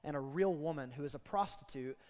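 A man preaching a casual, animated sermon as pastor of a church. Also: on the high side, brisk, big-room sound. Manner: conversational, animated storytelling.

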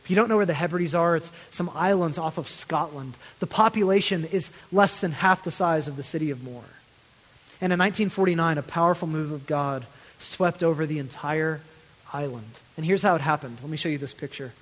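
A man's voice: on the high side, a little fast, a bit bright. A man preaching a sermon as a pastor, earnest and building to pleading intensity before dropping to near-whispers. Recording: long hall reverb.

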